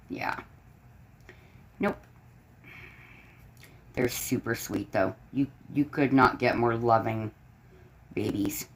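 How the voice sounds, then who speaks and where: Here the livestream host's voice is low-pitched and the audio is poor. She chats casually with her viewers and her dogs from a room at home, with dogs barking behind her.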